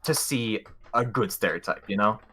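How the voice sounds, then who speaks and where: A man's voice: on the low side, moderate pace, pushed and bright, slightly rough. A young man from Montreal, hosting a casual podcast, telling rambling, profane, jokey travel stories. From Montreal, Canada. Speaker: podcast host. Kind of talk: casual storytelling chat.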